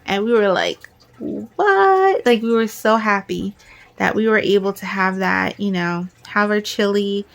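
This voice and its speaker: A middle-aged woman chatting casually to camera as a vlogger, excitable and rambling, sometimes talking fast and jumbling her words. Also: medium pitch, vocal fry.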